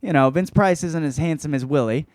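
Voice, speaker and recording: A man's voice: on the high side, a little fast, a little mellow, dry recording. A man hosting a casual comic book review, talking in a profane, rambling way. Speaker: host.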